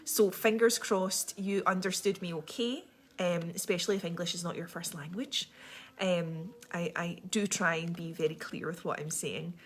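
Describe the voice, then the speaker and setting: A young Scottish woman with a posh accent, chatting quickly and rambling through a casual livestream. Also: lowish voice, steady tone. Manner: fast, chatty, rambling with many ums. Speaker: livestream host.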